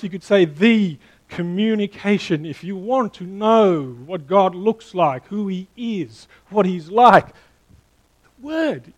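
High-voiced man preaching a sermon. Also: low-quality recording. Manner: animated, playful with the congregation, asking questions. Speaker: pastor.

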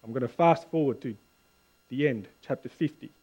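A male pastor delivers a conversational sermon at a moderate pace and medium pitch, swinging between hushed and loud lines. His voice has a breathy edge, and he stumbles over repeated words as he corrects himself. The audio sounds dull.

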